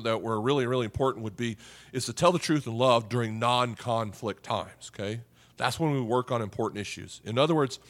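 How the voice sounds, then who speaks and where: A middle-aged man preaches in a relaxed, conversational way, his voice sitting at an ordinary middle pitch. He checks in with the listeners constantly, and he lets his voice sink low and soft when the subject turns painful. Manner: conversational preaching, tags lines with "okay?" and "right?"; drops softly on serious points. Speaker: pastor. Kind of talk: sermon.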